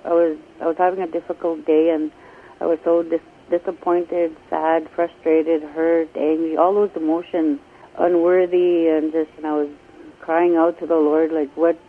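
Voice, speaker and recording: A woman calling in to a radio show, telling a personal story in a halting, emotional way with many restarts. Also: deep voice, flat delivery. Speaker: radio caller. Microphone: telephone. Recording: tinny phone line.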